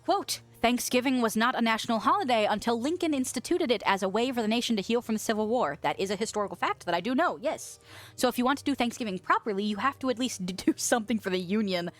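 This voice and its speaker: A woman's voice: on the high side, expressive, fast. A young woman streamer chatting casually while eating peanut butter, reading chat messages aloud, giggling and humming filler.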